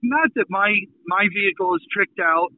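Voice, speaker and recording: A man from Minnesota hosting a casual radio chat, telling stories with drawn-out emphasis. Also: high voice, a little hiss or hum. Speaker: radio host. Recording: phone-line sound.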